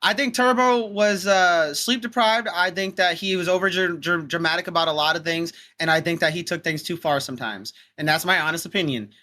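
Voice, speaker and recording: Brief: man, stream guest, hesitant, stammers, high pitch, bright tone. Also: brisk, few pauses. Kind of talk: casual live-stream talk.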